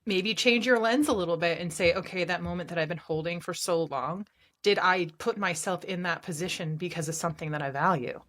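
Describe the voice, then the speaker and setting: A woman with a slightly low voice co-hosting a relaxed podcast. She talks in an earnest, encouraging way and laughs often as she shares her thoughts. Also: a little fast. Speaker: podcast co-host. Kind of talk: casual chat.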